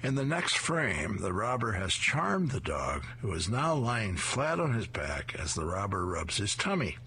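A man's voice: on the low side, measured pace, a little hiss or hum. A man hosting a show where he reads comic strips aloud, narrating the panels with animation. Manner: animated, chuckles after punchlines.

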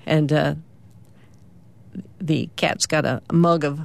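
A middle-aged woman, a radio host, describing the morning's comic strips aloud in a lively storytelling way. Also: sits low, slow pace, creaky. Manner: lively storytelling, lifting her voice for characters' lines.

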